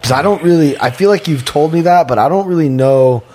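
A man's voice: fairly high pitch, a little fast, mellow. A man interviewing a guest, prompting him with short questions.

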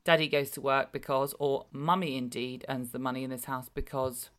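A woman in her thirties with a low voice, talking frankly on a podcast the day after giving birth. She sounds tired and wry, and she often trails off softly. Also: fairly even intonation, normal speed. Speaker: podcast co-host. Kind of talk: casual chat.

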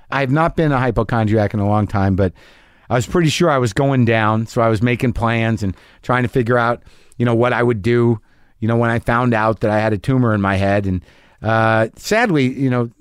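A middle-aged podcast host tells a story in a neurotic, self-deprecating way. His voice is mid-pitched, and the recording is dry and close, with no room sound. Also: clear, resonant tone, no echo. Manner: anxious, self-mocking storytelling with quoted voices. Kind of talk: monologue.

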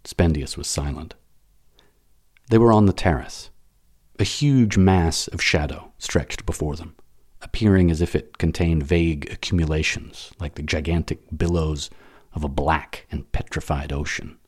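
A man reading a novel aloud as an audiobook narrator, dramatic and expressive. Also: extremely low pitch, a little slow, breathy edge.

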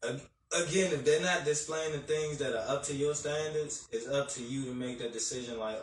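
A man's voice: mid-range voice, a little fast. A man co-hosting a casual live-stream chat, reflective and encouraging, with loose filler words. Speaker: podcast co-host. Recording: roomy, distant mic.

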